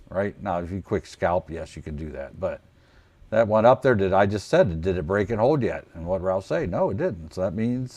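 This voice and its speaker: A man's voice: lowish voice, lively intonation, fairly quick, darkish tone, no echo. A man from Ohio hosting a casual trading livestream, folksy and joking, calling himself plain redneck. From Ohio, United States. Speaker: trading coach host.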